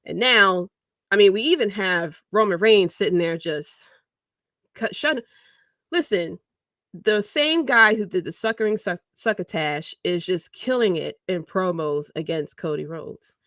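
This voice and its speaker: A woman's voice: lowish voice, measured pace, dry recording, studio quality. Rambling, chuckling woman host. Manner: rambling, animated, chuckles mid-sentence. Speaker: podcast host. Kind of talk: casual livestream commentary.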